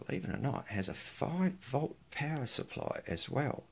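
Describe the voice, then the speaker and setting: A man's voice: mid-range voice, sing-song, normal speed, gravelly, few pauses, slightly rough, in a whisper. A man chatting casually while unboxing parcels for his vlog, muttering asides to himself between remarks. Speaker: electronics hobbyist vlogger.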